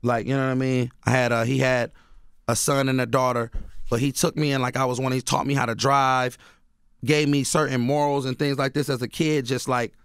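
A man's voice: mid-range voice, flat delivery, brisk, a bit bright, clear, resonant tone, no echo, studio quality. A man from Oakland, a radio guest telling loose stories packed with "you know what I mean". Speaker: guest author and rapper. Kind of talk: casual radio interview. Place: radio studio.

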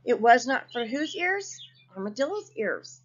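A woman reading a picture book aloud to children, expressive and asking her young listeners questions. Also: a little high, measured pace. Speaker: children's story reader. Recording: dull lo-fi recording.

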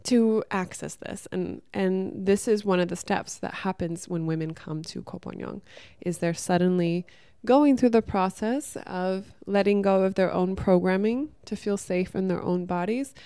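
A young woman talking casually to camera, giving chatty advice to women, with lots of "like" and "um", getting animated when she retells stories. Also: medium pitch, measured pace, few pauses, smooth, dry recording, clean studio sound. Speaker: vlogger giving advice to women visiting an island.

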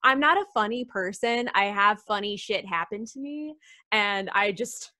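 Young woman, interview guest, bright and punchy, animated storyteller on a video call. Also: mid-range voice, unhurried. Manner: animated, lively storyteller with laughs and voiced quotes. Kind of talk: casual storytelling.

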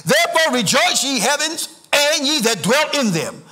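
A middle-aged man preaches in a church, his voice pitched unusually high for a man. His tone is bright and forceful, and his delivery climbs into sing-song rises and shouted emphasis. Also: sing-song, normal speed. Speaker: pastor. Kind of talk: sermon. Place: church sanctuary.

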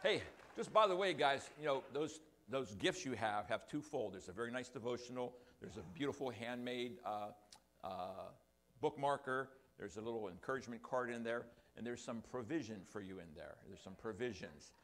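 A man's voice: medium pitch, lively intonation, normal speed, fairly bright tone. Older man, church pastor, rambling sermon delivery. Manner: rambling, self-deprecating asides. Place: church sanctuary.

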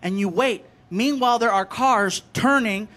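A man doing an animated stand-up set, telling stories and acting out the people in them. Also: high-pitched, unhurried. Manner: animated, acts out characters in quotes. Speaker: stand-up comedian. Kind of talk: stand-up storytelling. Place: comedy stage before a live audience.

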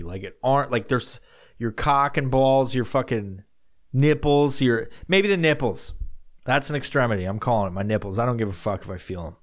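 A man hosting a casual solo podcast, rambling and swearing as he answers listener questions. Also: medium pitch. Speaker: podcast host.

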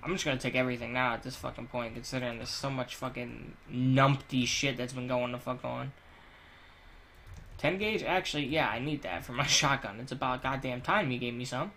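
Male gamer, mid-pitched, crude and swearing constantly, rants and jokes over play, faint background noise. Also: a little fast, sharp tone. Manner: profane, ranting and crude joking. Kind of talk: let's play commentary.

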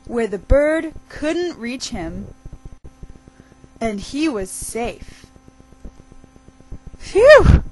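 A woman telling a picture-book story aloud with expressive, drawn-out emphasis. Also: sits high, slight background noise, poor audio.

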